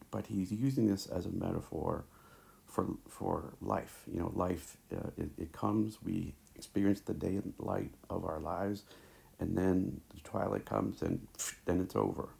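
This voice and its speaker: Gravelly man giving a halting lecture. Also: deep voice, a little mellow. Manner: halting, many fillers and restarts. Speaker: teacher. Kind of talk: recorded lecture over slides. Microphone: tablet mic.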